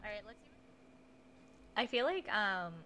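A woman streaming a game, chatting casually and often yelling at the action. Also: medium pitch, sing-song, measured pace, slight background noise. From United States. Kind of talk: casual gaming stream chat.

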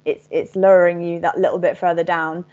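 A woman's voice: lowish voice, level tone, brisk, phone-quality sound. A woman channeler speaking casually and frankly about spirituality, swearing now and then.

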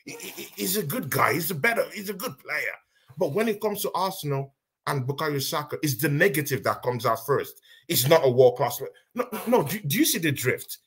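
A man, co-hosting a casual football podcast, talking in an animated, exasperated way and repeating himself. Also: on the high side, a little fast, breathy edge. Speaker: podcast co-host.

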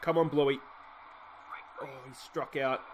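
An Australian man giving excitable play-by-play commentary on a baseball sim game, swinging from muttered asides to shouted cheering at a desktop microphone. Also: mid-range voice, slow pace, dull audio, slight background noise. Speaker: let's play host.

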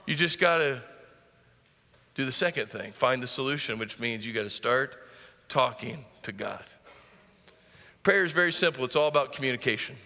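A man's voice: medium pitch, animated, moderate pace, long pauses, bright, forceful tone, in a large hall. A middle-aged man preaching a sermon as pastor, driving points home with rising emphasis and joking asides. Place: church sanctuary.

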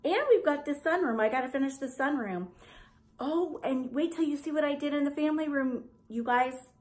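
A woman's voice: sits high, normal speed, darkish tone. A middle-aged woman, chatting to camera in a gushing, rambling way about home decorating. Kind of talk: casual chat to camera.

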